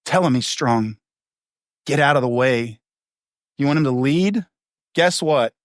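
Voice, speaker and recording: A middle-aged male pastor preaching a sermon in a punchy, conversational way, full of rhetorical questions and quick asides. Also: mid-range voice, dry recording, clean studio sound. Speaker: lead pastor.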